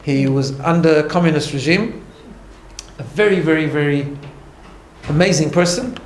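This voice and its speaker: A man's voice: a little high, normal speed. A man teaching an informal class as a rabbi, talking conversationally and emphatically, often restarting and checking in with "right?". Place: study hall. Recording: echoey room, faint background hum.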